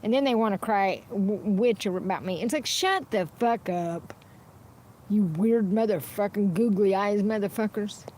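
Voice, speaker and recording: A woman's voice: medium pitch, unhurried, darkish tone. A woman streaming a rambling, unscripted monologue, blunt and profane, often restarting her sentences. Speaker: livestreamer.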